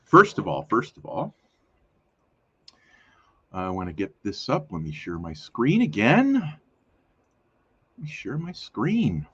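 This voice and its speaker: A man's voice: on the low side, huge pitch swings, takes it slowly, long pauses, fairly bright tone, husky, highs cut off. A man hosting a casual live stream, chatting in a rambling, self-correcting way with lots of fillers. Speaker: host of a weekly live community show.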